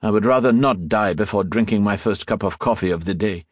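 A man's voice: lowish voice, brisk, dry recording, clean studio sound, close to an everyday voice. A man voicing a haughty, commanding middle-aged diplomat who scolds his servant, raised above his own register. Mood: tense.

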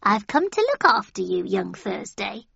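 A woman's voice: medium pitch, big pitch swings, unhurried, creaky, fairly bright tone, husky, no room sound, heavily acted. A woman voicing a very elderly grandmother who speaks grandly and bossily, in a dull, dry recording. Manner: grand, bossy.

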